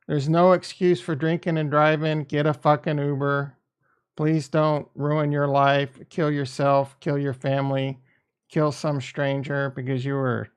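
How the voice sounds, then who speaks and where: A middle-aged man hosting a casual crypto livestream, reading viewer comments in a blunt, profane, jokey way that swings between loud and soft. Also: mid-range voice, clear, resonant tone. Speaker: crypto stream host.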